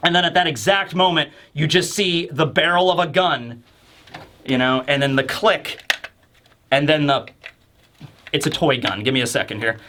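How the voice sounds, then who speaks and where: A young man talks through a manga chapter in a casual, animated way. His voice sits high for a man and sounds bright and forceful. He keeps jumping up into even higher voices to act out the characters' lines. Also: normal speed, long pauses, slight background noise. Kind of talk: casual recap and commentary.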